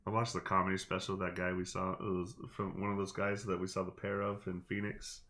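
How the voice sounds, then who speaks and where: A man's voice: low-pitched, level tone, fairly quick, a bit bright. A man playing a tabletop game, chatting in a rambling way with many restarts and casual swearing. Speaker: player. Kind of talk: casual chat.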